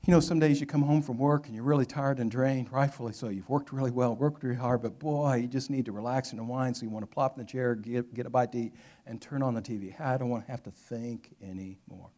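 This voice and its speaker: A man's voice: mid-range voice, fairly even intonation, fast talker. A man, possibly middle-aged, preaching a sermon and telling a story, often dropping to a near whisper for effect. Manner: storytelling with dramatic drops to a hush. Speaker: pastor.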